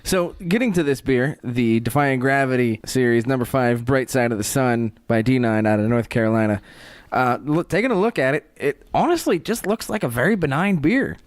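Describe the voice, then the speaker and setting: An easygoing man hosting a relaxed beer-tasting podcast, keeping the conversation moving. His voice sits in a middle register. The sound is dry and close. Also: medium pitch, normal speed, no room sound. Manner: easygoing, agreeable, steers the conversation. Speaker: podcast host. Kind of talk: casual beer-tasting chat.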